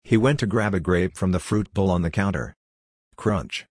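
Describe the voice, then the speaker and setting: A man's voice: sits low, moderate pace, a little mellow, slightly rough, dry recording, studio quality. A man narrating a scripted storybook in a plain, lightly humorous way.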